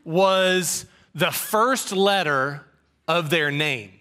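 A middle-aged man from preaches in a bright, forward voice pitched a little high. He tells folksy, self-deprecating stories from his own life. The delivery stays relaxed and conversational. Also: drawn-out words, a little hiss or hum. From rural Georgia, US. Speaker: pastor. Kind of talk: sermon with personal stories.

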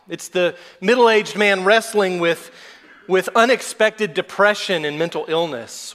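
A man in his thirties, a pastor preaching a measured, earnest sermon. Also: a little high, a bit bright. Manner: measured, earnest preaching with brief put-on whiny quotes.

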